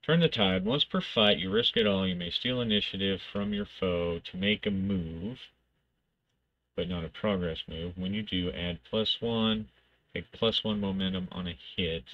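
A man's voice: sits low, moderate pace, lo-fi sound. A man thinking aloud as he plays a solo tabletop game, reading rules aloud and narrating the action in bursts.

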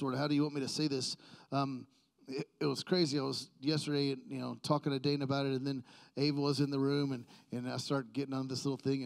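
A middle-aged male pastor preaching a sermon in a church, conversational and self-deprecating, joking with the congregation. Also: fairly high pitch.

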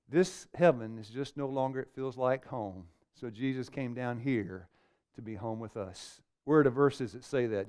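Middle-aged guy preaching a seminar, clear resonant voice, keeps asking the room questions and getting amens. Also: fairly high pitch. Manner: animated, questions the audience and calls for amens. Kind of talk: seminar sermon. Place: meeting room with a live audience.

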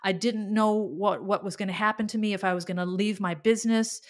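A middle-aged woman hosting a podcast, telling a personal story in an earnest, halting, emotional way. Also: mid-range voice, steady tone. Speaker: podcast host.

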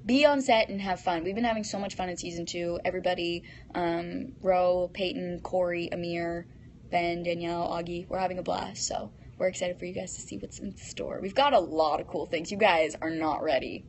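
A woman's voice: fairly low pitch, steady tone, moderate pace, a little mellow, a little hiss or hum. A teenage girl hosting a casual live stream, reading fan comments aloud and answering them in a bubbly, giggly way into a phone.

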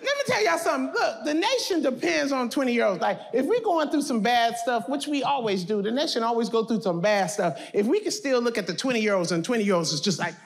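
A woman's voice: fairly high pitch, expressive, brisk, vocal fry, hardly any pauses, a little hiss or hum. A woman doing stand-up comedy with a scolding, drawling delivery. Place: stage before a live audience.

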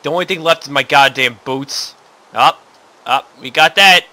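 A man hosting a casual game playthrough, muttering to himself and then breaking into yelps and shouts. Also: a little high, normal speed. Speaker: gaming channel host. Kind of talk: casual let's play commentary.

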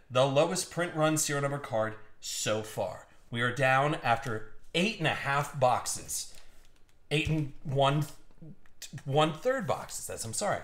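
A man hosting a live card-opening stream, excitable and swinging from hype to hushed suspense. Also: fairly high pitch, roomy sound. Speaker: card break host.

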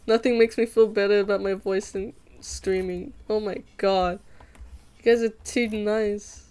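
A woman's voice: mid-range voice, level tone, normal speed, warm tone, clean tone. A young woman, chatting and giggling with her chat at home while she draws. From Australia. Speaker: livestreamer. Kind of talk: casual livestream chat while drawing. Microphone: desk mic. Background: faint music playing.

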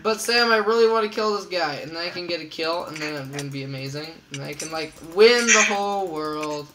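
A man casually commentating his own gameplay as host, excitable and repeating catchphrases in a singsong. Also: fairly high pitch, quick pace, a little hiss or hum, low-quality recording. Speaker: gamer host.

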